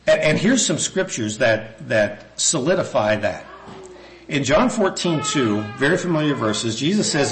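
A man's voice: mid-range voice, animated, a little slow, slight background noise, low-quality recording. A man preaching a sermon, reading scripture passages aloud and thinking aloud with restarts and asides.

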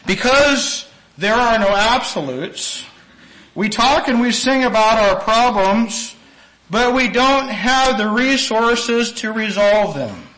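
Man, high-pitched, preaching, emphatic, slows down to stress words. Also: animated, low-quality recording. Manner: earnest, emphatic, with sharp rises in pitch and loudness. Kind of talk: sermon lecture.

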